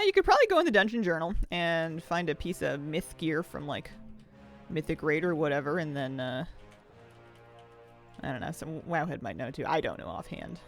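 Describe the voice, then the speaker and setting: Lively chatty game streamer. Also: mid-range voice. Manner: chatty and rambling, laughs often. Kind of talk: casual chat while streaming a video game. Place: home office.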